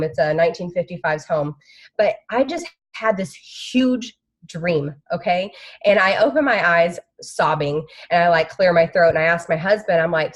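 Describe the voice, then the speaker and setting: On a video call, a woman team member gives an emotional, rambling recap of a conference, packed with filler words. Her voice is lowish and the audio sounds dull.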